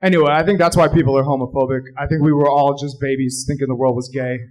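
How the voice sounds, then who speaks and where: A man performing a stand-up comedy set, rambling and jumping into shouted character voices. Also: mid-range voice, steady tone, quick pace, rough recording. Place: live comedy club.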